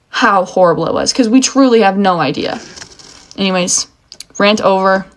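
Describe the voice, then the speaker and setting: A young woman giving a heated, emotional rant straight to the camera, swearing often. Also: mid-range voice. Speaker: video commentator.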